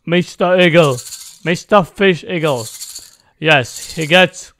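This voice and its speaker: A young man giving casual, slangy gameplay commentary, often bursting into loud, high exclamations. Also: slow, slight background noise. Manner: playful slangy talk. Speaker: gamer.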